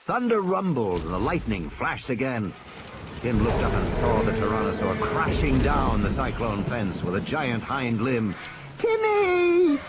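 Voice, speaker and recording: A male narrator reads dramatic fiction with a lively, swinging delivery that swells as the tension builds. A steady rain patters clearly behind him. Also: medium pitch, moderate pace. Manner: expressive, rising with the tension. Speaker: audiobook narrator. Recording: rain noise in background.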